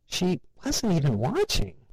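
A man voicing an eager female colleague pitching an ad in a storybook reading. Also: very animated, moderate pace, dry recording, rough recording. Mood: alarmed. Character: woman ad pitcher, eager and perky.

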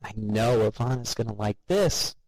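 A man voicing an eager female colleague pitching an ad in a storybook reading. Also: lively intonation, moderate pace, darkish tone, no room sound, poor audio. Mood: enthusiastic. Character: woman ad pitcher, eager and perky.

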